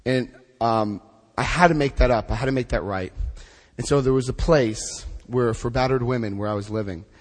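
Brief: lively male recovery speaker, medium pitch, big swings when quoting people, echoing hall. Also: normal speed. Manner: animated, acts out dialogue with big pitch jumps. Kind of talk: personal storytelling talk. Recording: echoey hall.

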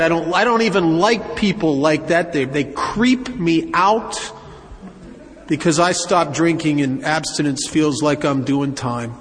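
A man telling a first-person recovery story to an audience in a wry, self-mocking way, with halting restarts. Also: on the high side, a little hiss or hum. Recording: long hall reverb, faint ambience.

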